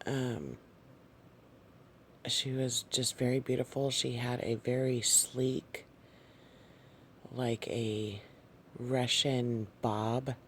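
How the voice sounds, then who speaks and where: A man recounting a dream to his viewers in a halting, soft-spoken way, with frequent fillers and small apologies. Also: medium pitch, a little hiss or hum. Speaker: channel host sharing a dream.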